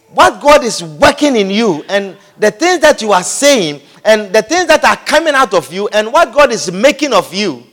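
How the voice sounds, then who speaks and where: High, lively-voiced preacher man in an echoey hall. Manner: emphatic, repeats phrases, calls out amen. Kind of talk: sermon.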